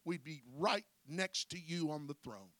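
A man preaching a sermon as pastor, folksy and breaking his phrases with "uh", swinging from quiet storytelling to shouted preaching. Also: on the high side, lively intonation, a little slow, no echo.

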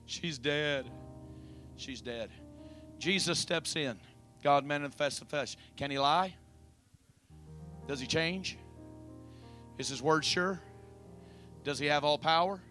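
A man's voice: a little high, unhurried, long pauses, sharp tone, faint music behind. A man preaching a sermon, retelling a story dramatically and questioning his listeners directly.

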